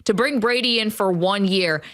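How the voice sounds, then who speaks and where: A woman's voice: mid-range voice, moderate pace, a bit bright. A woman co-hosting a sports talk show from a studio, making opinionated, emphatic football takes with frequent laughter. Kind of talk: casual sports debate.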